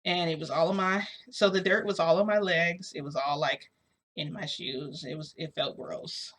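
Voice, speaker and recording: A woman's voice: sits low, fairly even intonation, moderate pace, fairly bright tone. Woman rambling through a casual story. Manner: rambling, filler-heavy retelling. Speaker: shifting vlogger.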